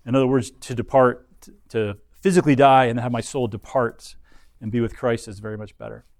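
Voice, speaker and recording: A man gives a Bible lesson at a middle pitch, explaining step by step and often restarting his phrases. The sound is dry and close, with no room echo. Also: steady tone, brisk, darkish tone. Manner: explanatory, frequent restarts and fillers. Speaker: Bible teacher.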